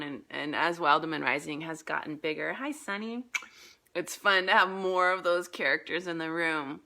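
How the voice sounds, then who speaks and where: A woman's voice: on the low side, expressive, moderate pace, bright, forceful tone. A woman coach talking casually on a live group call, chatty, laughing often, with many fillers. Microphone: phone.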